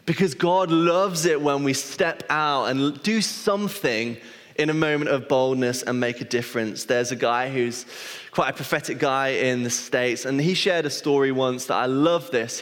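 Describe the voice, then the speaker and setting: A man's voice: medium pitch, fairly bright tone. A man, a pastor giving a sermon and telling self-deprecating stories with a chatty, restarting delivery. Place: church hall. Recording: long reverb of a church hall.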